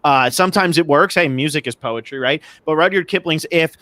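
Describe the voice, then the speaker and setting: A man's voice: fairly high pitch, a little fast, bright, forceful tone, no echo. A man co-hosting a casual podcast chat, talking enthusiastically and joking as he gushes about his favorites. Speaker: podcast co-host.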